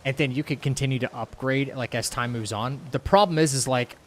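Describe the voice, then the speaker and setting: A male game streamer chatting with his audience while he plays. His voice sits at an ordinary middle pitch, and he talks in a loose, rambling way, circling back on himself and stringing thoughts together with fillers. He reads viewer messages aloud and answers them casually. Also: fairly quick. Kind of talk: casual live-stream chat while playing.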